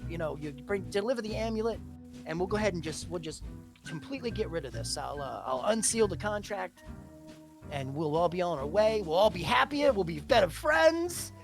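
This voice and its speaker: A man playing a sly, greedy shopkeeper who coaxes and stammers through his deals. His voice is gravelly and lively in pitch, and music plays clearly behind him. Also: fairly quick. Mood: persuasive. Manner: wheedling, stammering, full of fillers. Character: shady male shopkeeper, wheedling and greedy.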